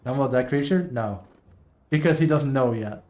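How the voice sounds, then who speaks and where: A man streaming live, chatting casually and reading posts aloud, excitable, laughing often and swearing casually. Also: mid-range voice, moderate pace.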